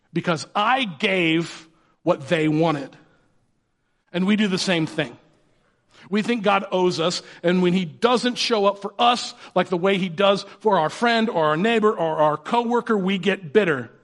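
A man, a pastor and parent, preaching a conversational sermon in a lively, joking way. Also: high voice, a little slow. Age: adult parent.

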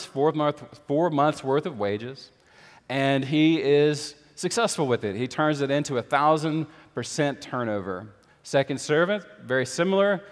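A man's voice: medium pitch, big-room sound. A male pastor giving a conversational sermon, with frequent fillers and rhetorical questions to the congregation.

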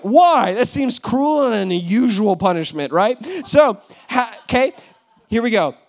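A man's voice: sits high, a bit bright. A young man preaching a sermon as pastor, in a casual, joking manner full of fillers.

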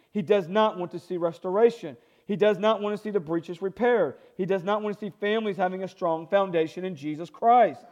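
A man's voice: sits high, a little mellow, dull audio. A male pastor preaching a sermon, emphatic and repetitive, calling for responses from the congregation.

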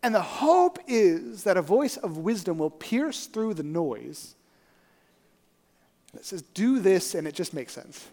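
Brief: lively male preacher, conversational sermon storytelling, very expressive. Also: sits high, slow. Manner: animated, conversational, asks "right?" often. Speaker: pastor. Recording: reverberant hall.

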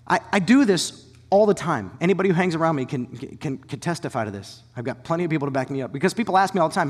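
A man preaching a sermon as a pastor, shifting between animated storytelling and hushed, whispered emphasis. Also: high-pitched, big-room sound. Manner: animated storytelling with quick asides.

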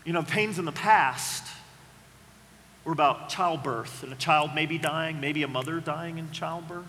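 A man preaching a sermon, dramatic, acting out quoted voices and swinging from loud to hushed. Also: a little high, unhurried, in a large hall, a little hiss or hum. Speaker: pastor.

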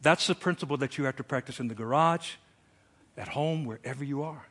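A middle-aged man preaching a sermon, telling a story with big swings from hushed asides to shouted lines. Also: medium pitch, fairly quick. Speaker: pastor.

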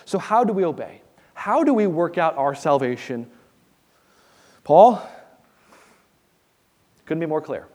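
An earnest male pastor preaching a sermon with a slightly high voice. He talks conversationally and often backs up to restart a phrase. His voice rings with the long reverb of a large church sanctuary. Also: very animated, takes it slowly, long pauses, darkish tone. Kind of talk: expository sermon.

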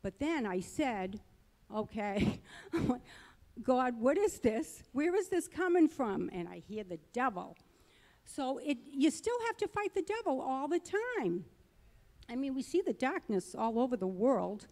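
A woman's voice: a little high, lively intonation, unhurried, a little mellow, big-room sound. A middle-aged woman giving a personal testimony at church, earnest and conversational, rambling a little as she talks. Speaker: church speaker.

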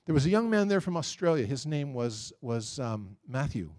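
A middle-aged man preaching a sermon, telling a story in a lively way and voicing the people in it. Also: medium pitch, moderate pace. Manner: storytelling, animated, quotes others.

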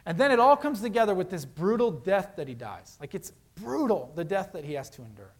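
A man preaching a sermon as pastor, earnest and conversational, swinging between loud emphasis and hushed, quiet lows. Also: big pitch swings, fairly quick.

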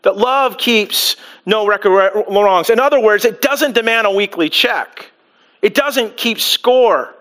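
A man preaching a sermon to a live congregation as pastor, animated, with frequent restarts and acted-out quotes. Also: sits high, unhurried. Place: church before a live congregation.

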